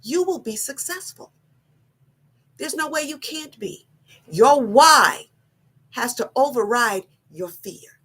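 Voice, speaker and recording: A middle-aged woman giving a personal motivational talk, slow, earnest and deliberate, often repeating her phrasing. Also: high voice, expressive, husky. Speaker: wellness vlogger.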